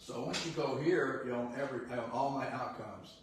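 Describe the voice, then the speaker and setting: An older man, a real estate CEO, gives a blunt, folksy motivational talk, laughing often as he tells stories. His mid-range voice moves a little fast. The room is echoey, with a distant mic and faint noise.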